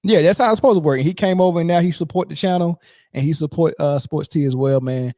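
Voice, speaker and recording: A man hosting a casual sports podcast, talking in an easygoing, rambling way. His voice is mellow and warm. The sound is dry and close. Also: fairly high pitch, quick pace, dry recording. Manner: laid-back, rambling with fillers and shout-outs. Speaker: podcast host.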